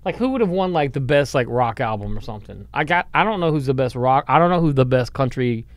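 A man's voice: medium pitch, animated, fast, dry recording. A man co-hosting a podcast in casual chat, rambling and hedging his thoughts with "like" and "I mean". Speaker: podcast co-host.

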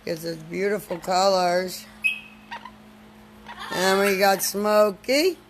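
A woman hosting a live video outdoors on a farm, talking slowly and coaxingly to her animals. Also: medium pitch, steady tone, noisy background. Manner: slow, coaxing talk to animals. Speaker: farm host.

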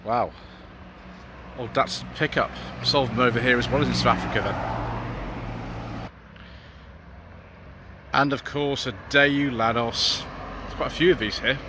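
A man's voice: mid-range voice, fairly even intonation, measured pace, pauses often. A British man hosting a car channel, chatting enthusiastically to viewers as he walks along the street spotting cars. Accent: British English. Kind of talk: walking car-spotting vlog. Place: outdoors on town streets. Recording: outdoor street noise.

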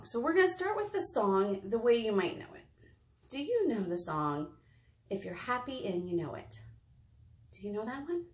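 A woman librarian leading a children's storytime, animated and encouraging as she talks to young children. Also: medium pitch. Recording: roomy echo.

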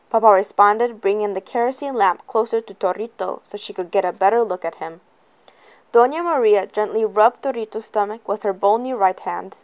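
Woman reading a chapter out loud, steady and plain, middle-pitched. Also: moderate pace. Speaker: reader. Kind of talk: audiobook reading of a novel.

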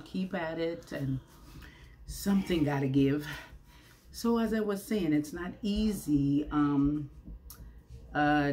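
A woman's voice: deep voice, mellow, a little hiss or hum. A woman talking to her viewers from home, chatty and preachy, asking rhetorical questions. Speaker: vlogger. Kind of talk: casual vlog monologue. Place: at home, indoors. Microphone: camera facing her, with ring light.

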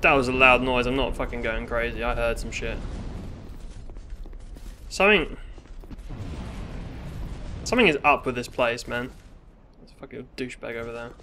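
British guy doing a let's play, swears a lot, bright punchy voice, faint noise behind. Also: mid-range voice, normal speed, long pauses. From Britain. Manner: swearing, exasperated running commentary with sudden outbursts. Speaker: gaming YouTuber.

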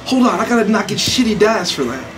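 A woman's voice: medium pitch, sing-song, fast, faint music behind. A woman playing a tabletop game, joking and riffing in a playful way. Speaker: player. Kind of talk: casual tabletop play, joking character voice.

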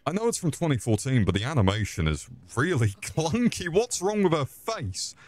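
A British man streaming a horror game, swearing and yelling at his chat in exclamatory bursts. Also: a little high, sing-song, normal speed. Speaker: gaming streamer. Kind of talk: live gameplay commentary.

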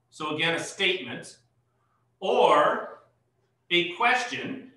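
Bright-voiced man pastor teaching Bible study. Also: high voice, expressive, slow. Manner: explanatory, rising emphasis on key points. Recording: echoey room, mic far off.

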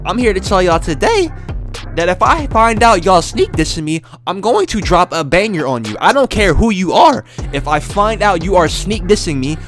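A man's voice: high voice, big pitch swings, normal speed, fairly bright tone, faint music behind. A young man delivering a profane, boastful diss rant as a YouTuber. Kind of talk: trash-talking diss rant.

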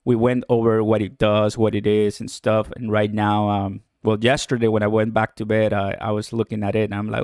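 A man hosting a casual live stream about cryptocurrency from home in the morning, excitable and chatty, laughing often and talking straight to his viewers. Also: on the low side, brisk, hardly any pauses, smooth, no echo, clean studio sound. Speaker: crypto livestream host.

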